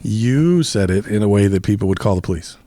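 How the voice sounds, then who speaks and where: A man's voice: fairly low pitch, fairly quick, no room sound, clean studio sound. A man hosting a comedy podcast, bantering casually with co-hosts, laughing often and joking around. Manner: jokey, laughs often, animated. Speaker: podcast host.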